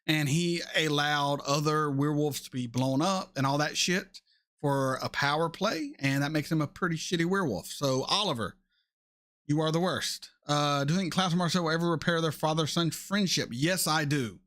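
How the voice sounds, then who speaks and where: A man in his thirties hosting a casual chat, answering viewer questions in a blunt, animated way and swearing freely. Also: a little high, moderate pace. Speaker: reaction channel host.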